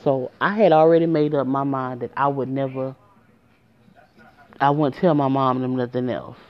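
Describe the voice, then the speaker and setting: A woman's voice: rumbling low, steady tone, normal speed. Woman telling a story on a muffled lo-fi recording. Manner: emotional, conversational, addresses viewers directly. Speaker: storyteller vlogger. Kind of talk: casual storytime narration. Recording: dull lo-fi recording.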